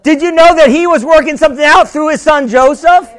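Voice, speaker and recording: A man preaching a sermon as pastor, with sudden shouts and many repeated words. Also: very high-pitched, brisk.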